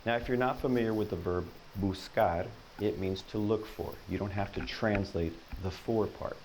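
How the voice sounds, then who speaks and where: A man teaching a Spanish lesson, patiently explaining and repeating each example sentence slowly and encouragingly. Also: on the low side, darkish tone, slight background noise, poor audio.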